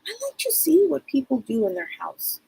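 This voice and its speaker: A woman voicing the spirit of a sweet, polite, chatty little girl, in a high childlike voice. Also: very animated, normal speed, creaky, a little mellow, husky, heavily acted, poor audio. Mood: playful.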